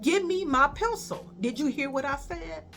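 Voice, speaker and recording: A woman's voice: high voice, expressive, moderate pace, creaky, a bit bright, soft background music, full character voice. A woman with a Chicago accent voicing an angry, confrontational teenage girl classmate who swears and taunts. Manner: taunting, profane.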